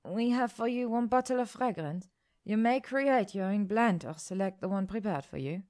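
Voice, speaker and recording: A woman's voice: medium pitch, normal speed, a little mellow, pitched above the performer's own voice, close to an everyday voice. A woman voicing a poised perfumer with a Spanish-tinged accent. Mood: welcoming.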